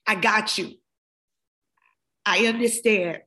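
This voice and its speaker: A woman's voice: mid-range voice, slow, bright, forceful tone. A woman hosting a wellness podcast, giving an impassioned motivational talk full of repeated phrases. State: emotional. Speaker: podcast host, wellness coach. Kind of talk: motivational monologue.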